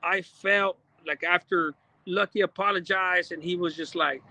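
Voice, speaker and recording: High bright-voiced guy doing casual commentary, lots of cussing, dry close sound. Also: a little slow, no room sound. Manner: profane, animated, repeats himself. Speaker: commentator reacting to an interview.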